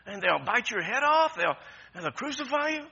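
Husky, bright-voiced preaching man. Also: extremely high pitch, big pitch swings, normal speed, highs cut off. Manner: impassioned, repetitive preaching with many restarts. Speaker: pastor. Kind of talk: sermon.

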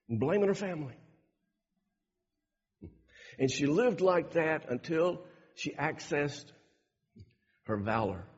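A man's voice: a little high, a little mellow, slightly rough. A man preaching a sermon with emphatic, repetitive delivery. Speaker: pastor. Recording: dull, echoey hall recording.

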